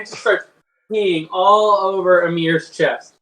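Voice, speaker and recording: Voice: mid-range voice, steady tone, measured pace, recorded from a distance. Laid-back game master in echoey room. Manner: loose, many fillers. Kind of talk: narrating a tabletop game.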